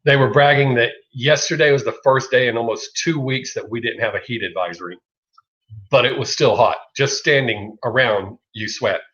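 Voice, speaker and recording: A man's voice: medium pitch, moderate pace, a bit bright. A middle-aged man with a Southern US accent, chatting casually on a livestream, rambling, swearing freely and laughing often. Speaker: livestream host. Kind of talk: casual live chat. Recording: lo-fi dull sound.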